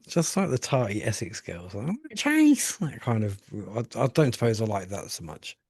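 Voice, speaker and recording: An easygoing man hosts a relaxed chat, keeping his questions brief and friendly. His voice sits low, recorded dry and close. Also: normal speed, gravelly, slightly rough, dry recording. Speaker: host. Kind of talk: casual chat.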